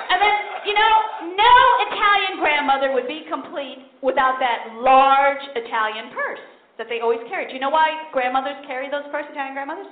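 A woman with a New York accent delivers stand-up in punchy bursts with quick asides. Her voice is high. The sound is thin like a phone line, echoing, with clear noise behind. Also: crowd noise. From New York City. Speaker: stand-up comedian. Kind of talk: stand-up comedy. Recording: echoey, tinny, noisy club sound.

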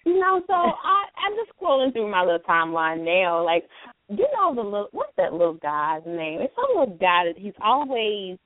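A woman's voice: medium pitch, big pitch swings, normal speed, no room sound. A woman host with a Southern American accent, chatting casually and teasing with laughter. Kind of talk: casual chat. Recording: tinny phone line.

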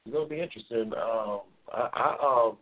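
A man hosting a casual live-stream chat, loose and excitable, repeating himself and reading viewer comments. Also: a little fast. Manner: loose, excitable, repeats himself, bursts into high-pitched race calling. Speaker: talk show host reading viewer comments. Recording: tinny phone-like lo-fi audio.

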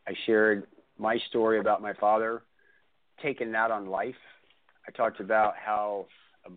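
A man's voice: on the low side, flat delivery, measured pace, no echo. A man hosting a radio talk show as an ADHD coach, telling a story emphatically with lots of repetition. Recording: dry, phone-like line.

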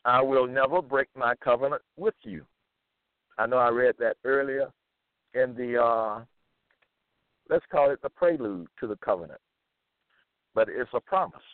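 Man, unhurried reading voice, repeats himself, phone-like sound, dry and close. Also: medium pitch, dry recording. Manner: slow, deliberate and repetitive. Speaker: monologue speaker. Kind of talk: reading scripture with commentary. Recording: tinny phone-like line, dry.

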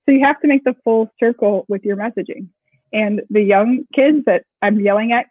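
A woman co-founder of a screen printing shop, talking briskly and casually in an interview, with joking asides. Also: medium pitch, dry recording. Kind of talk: casual explanatory interview talk. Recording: tinny phone-like audio, dry.

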